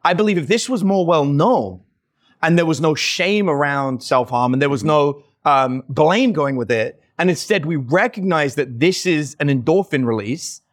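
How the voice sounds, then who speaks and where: A man talking as a podcast guest, telling lively stories and acting out the people he quotes, with lots of "like" fillers. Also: fairly high pitch, moderate pace. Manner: animated, acts out quoted voices, many "like" fillers. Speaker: podcast guest, dating company owner. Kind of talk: casual conversational storytelling.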